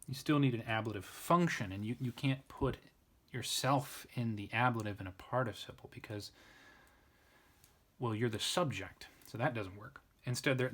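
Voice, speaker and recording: A man's voice: on the low side, a bit bright. A man giving an informal Latin grammar lesson, thinking aloud, often restarting and correcting himself. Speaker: Latin tutor.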